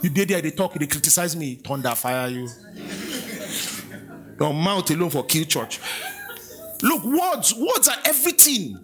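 A man's voice: on the high side, sing-song, a little slow, long pauses, over music. A Nigerian man preaching in a church, swinging between conversational asides and chanted King James scripture. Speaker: pastor. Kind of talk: sermon.

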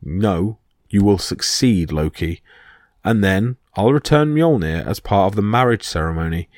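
A man's voice: lowish voice, lively intonation, unhurried, a little mellow, no echo, studio quality. A man voicing a hulking, cruel male frost giant king who speaks in a growling, menacing way.

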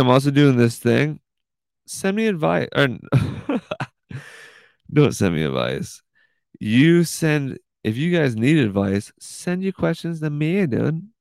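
A man's voice: medium pitch, creaky, no room sound. A man hosting his own podcast, rambling goofily and tacking "dude" onto nearly every line. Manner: rambling, goofy, says "dude" constantly. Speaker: podcast host. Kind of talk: casual podcast monologue.

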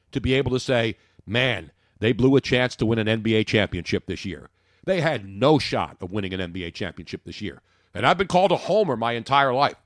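A man hosting a sports talk podcast, opinionated and jokey, swinging from loud bursts to low muttering. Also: no echo, clean studio sound.

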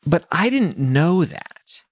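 Thirties American man, casual interview guest, animated pitch, self-deprecating filler-heavy talk, dry close sound. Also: slow, no room sound. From United States.

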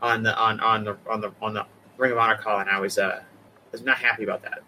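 A man from the Boston area with a Boston accent, co-hosting a casual wrestling chat and getting animated as he repeats words. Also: fairly low pitch, fast, slight background noise, rough recording. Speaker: co-host.

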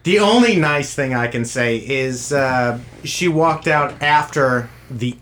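A man's voice: medium pitch, slow pace, a bit bright. A man on a podcast in a studio, telling a retail story in a crude, exasperated way and swearing constantly. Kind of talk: casual profane storytelling.

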